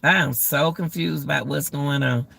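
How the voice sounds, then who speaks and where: A woman's voice: deep voice, moderate pace, gravelly, a bit bright, breathy edge, no room sound. A middle-aged woman hosting a casual live-stream rant, exclaiming and repeating herself as she talks straight to her viewers.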